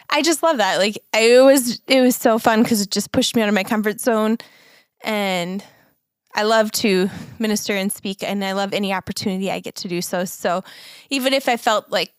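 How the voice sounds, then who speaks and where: A woman's voice: medium pitch, clean tone, no echo. A woman co-hosting a podcast, talking in an earnest, reflective way and laughing now and then. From United States. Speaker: podcast co-host. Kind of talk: casual chat.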